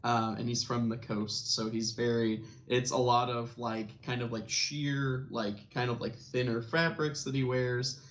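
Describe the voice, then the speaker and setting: A young man in a tabletop game, describing his character in a halting way, full of fillers. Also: mid-range voice, little pitch movement, a bit bright. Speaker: player.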